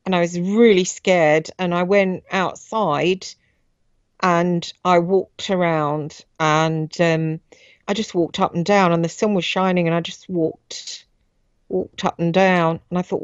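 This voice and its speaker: A woman guest on a radio show, recounting a personal experience in a halting way as she searches for words. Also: on the low side, no room sound, lo-fi sound.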